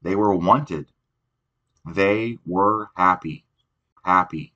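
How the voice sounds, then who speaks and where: A man narrating an audiobook in an unhurried reading voice, now and then restarting a word. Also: deep voice, a bit bright, muffled recording.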